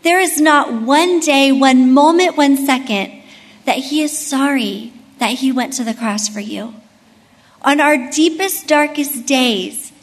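A woman's voice: sits high, big-room sound. A woman leading a Bible study, mixing chatty personal stories into devotional teaching, with many fillers. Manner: chatty, storytelling, frequent "like".

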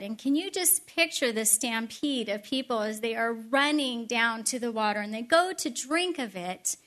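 A middle-aged woman giving a storytelling sermon with chatty, animated asides. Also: a little high. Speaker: speaker at a Christian event.

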